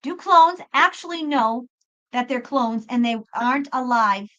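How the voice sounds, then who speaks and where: A woman doing a live-stream tarot reading, talking earnestly with halting restarts. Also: sits high, sharp tone, muffled recording. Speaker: tarot reader.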